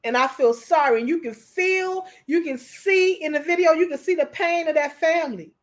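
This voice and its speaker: Emotional, preachy high-voiced woman. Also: moderate pace. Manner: preachy, repeats herself, calls listeners honey. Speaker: commentator. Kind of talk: emotional commentary.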